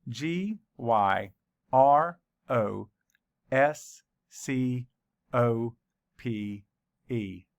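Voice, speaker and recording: Slow, gravelly-voiced male teacher. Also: medium pitch, no echo. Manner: slow, deliberate letter-by-letter spelling. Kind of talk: spelling lesson for children.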